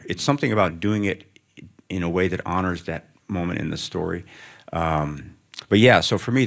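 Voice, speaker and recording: A man's voice: low-pitched, creaky. A man, a writer, answering questions onstage before a student audience, reflective and wandering, with wry asides. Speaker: writer, guest of an onstage interview.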